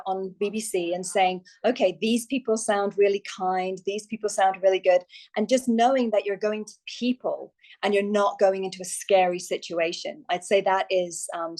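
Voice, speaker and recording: A success coach appears as a podcast guest, her mid-range voice carrying a darkish tone. She tells stories candidly and chattily, dropping in quoted asides. The audio quality is poor.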